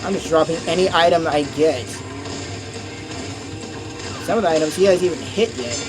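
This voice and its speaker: An excitable young man giving casual, chatty commentary while playing a racing game, cursing at mishaps. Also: a little high, moderate pace. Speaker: gameplay commentator. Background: game music.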